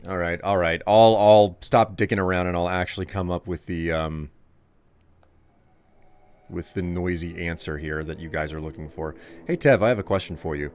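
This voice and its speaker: A man's voice: low-pitched, steady tone, moderate pace, a little mellow, clean tone. A man streaming a game live, chatting casually with viewers, thanking them for gifts and sounding exasperated at their requests.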